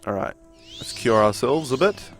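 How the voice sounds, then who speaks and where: A young New Zealander with a New Zealand accent chats casually with his stream chat while gaming, speaking at normal speed in a medium-pitched voice. He's relaxed and rambling, laughing often over game music.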